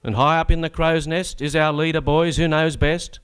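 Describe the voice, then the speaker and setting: Australian male performer, smooth clear voice, rollicking rhyming recitation of comic verse on a live stage. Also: a little high, steady tone, moderate pace. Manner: rollicking, rhythmic rhyming delivery. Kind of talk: comic bush-ballad recitation.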